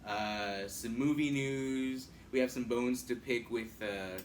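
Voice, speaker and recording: A man's voice: medium pitch, takes it slowly. A man co-hosting a podcast, rambling and hesitant, stumbling through restarts. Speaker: podcast co-host. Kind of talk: casual chat. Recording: distant mic with faint noise.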